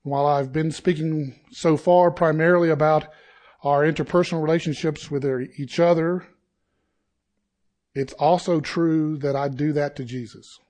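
A man preaching a sermon to his congregation, slow and deliberate, with dramatic pauses and sudden rises in intensity. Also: a little high, fairly even intonation, a little mellow. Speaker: pastor.

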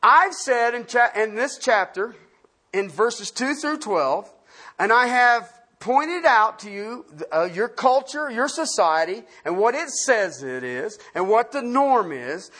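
A pastor teaching a Bible-study sermon, asking the listeners questions and swinging from loud emphasis to quiet asides. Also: medium pitch, sing-song, takes it slowly.

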